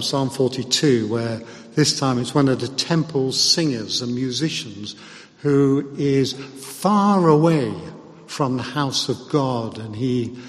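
Male preacher, unhurried, measured and earnest sermon delivery, long hall reverb. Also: mid-range voice.

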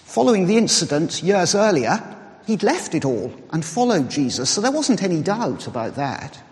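A man preaching a sermon, explaining in a measured way and reasoning aloud. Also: fairly high pitch. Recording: reverberant hall.

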